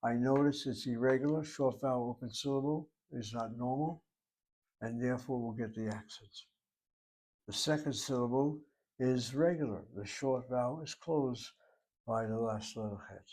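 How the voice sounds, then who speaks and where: A man's voice: medium pitch, normal speed, a little mellow. A man teaching a Hebrew grammar lesson, methodical and repetitive, explaining each rule step by step. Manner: methodical, repeats key terms, explains step by step.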